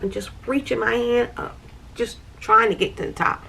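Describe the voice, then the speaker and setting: A woman's voice: on the high side, fairly even intonation, a little fast, gravelly, sharp tone, a little hiss or hum. A woman tells a personal story, repeating phrases as she vividly recounts the moment.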